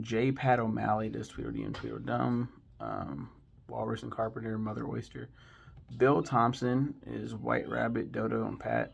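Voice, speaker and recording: A man's voice: mid-range voice, gravelly, a little mellow, slightly rough. A man hosting a casual film commentary from home, rambling and swearing freely between lots of ums, with the eager tone of a fan. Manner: rambling and profane, with frequent ums; enthusiastic fan tone. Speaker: movie review host. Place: home with kids nearby.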